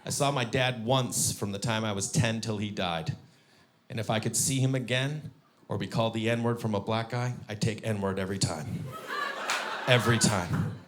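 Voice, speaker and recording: A man doing a stand-up comedy set on a live stage, animated and breaking into loud high-pitched punchlines. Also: moderate pace.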